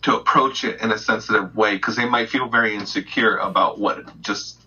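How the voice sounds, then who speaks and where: Husky bright man on a video call. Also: on the low side, moderate pace. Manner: frank, swearing, laughing and emphatic. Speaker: podcast guest. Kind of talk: casual podcast chat. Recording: muffled video call audio.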